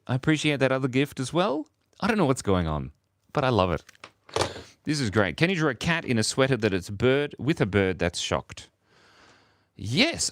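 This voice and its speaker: Aussie guy streaming while he draws, low-ish voice but bouncy, dry close sound. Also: no echo. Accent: Australian. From Australia. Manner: playful, reads viewer comments aloud, laughs often. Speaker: livestream artist. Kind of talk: casual livestream drawing chat.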